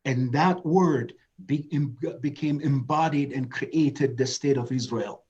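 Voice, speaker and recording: A man's voice: mid-range voice, slow pace, darkish tone, husky, highs cut off. A man moderating a webinar, giving passionate opening remarks that rise to emphatic declarations.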